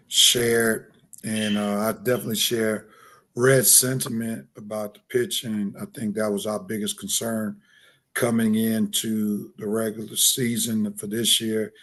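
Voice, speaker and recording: Calm man breaking down the team. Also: lowish voice. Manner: measured and analytical, with fillers and restarts. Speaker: sports show co-host. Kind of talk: casual sports analysis on a live stream. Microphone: video call.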